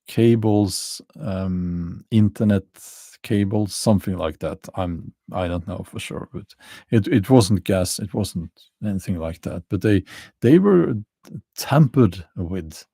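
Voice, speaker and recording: A middle-aged Norwegian-accented man chats slowly through viewer questions on a livestream, pausing often on fillers and restarting his sentences. His low voice is gravelly and mellow. The sound is dry and close. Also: animated, dry recording. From Norway. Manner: halting, many fillers and restarts, chuckles dryly. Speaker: livestream host answering chat questions. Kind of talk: casual livestream chat.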